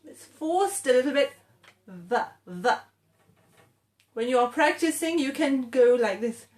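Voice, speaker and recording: A woman teaching English pronunciation to camera, patient and clear, repeating words slowly and often checking in with okay. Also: sits high, a little mellow.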